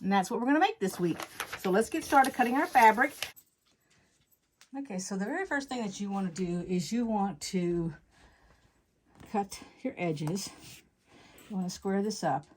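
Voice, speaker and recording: A woman's voice: mid-range voice, animated, normal speed, pauses often, slight background noise. A woman hosting her quilting channel, explaining fabric cutting step by step in a chatty, folksy way and stopping to correct herself, recorded at a sewing table at home. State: slightly out of breath. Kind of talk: casual step-by-step sewing tutorial.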